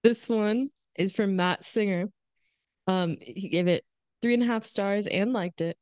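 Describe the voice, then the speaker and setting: A woman with a mid-range voice co-hosts a film podcast, chatting casually and hedging with "like." There's no room sound.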